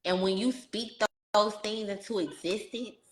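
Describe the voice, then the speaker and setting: A woman hosting a casual podcast interview, telling stories in an animated, slangy way and talking to listeners as "y'all". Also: mid-range voice, normal speed, reverberant. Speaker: podcast host.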